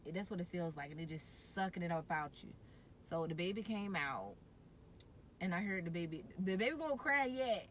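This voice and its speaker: A woman, casually and animatedly telling her birth story, jumping to a high excited voice when she quotes herself. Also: normal speed, slight background noise.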